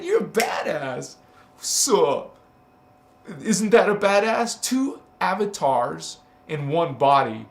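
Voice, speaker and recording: A man's voice: sits high, sing-song, slow pace, fairly bright tone, reverberant. A man hosting a casual spiritual livestream, teasing and emphatic, laughing often as he talks to viewers.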